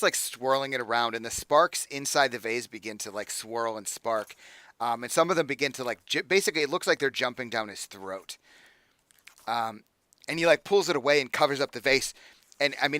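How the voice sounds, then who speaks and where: A young adult man narrating as game master, casual and halting, with many fillers and restarts. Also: medium pitch, bright, forceful tone, no room sound.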